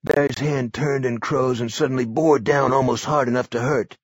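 A man giving a measured, expressive audiobook narration. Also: mid-range voice, no echo, lo-fi sound.

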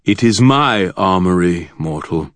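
A towering god of death speaks in a deep basso rumble, as a male narrator puts him on. He is formal and commanding, and each word is measured. The recording is close and dry. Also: lively intonation, no echo. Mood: imperious. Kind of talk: audiobook character voice.

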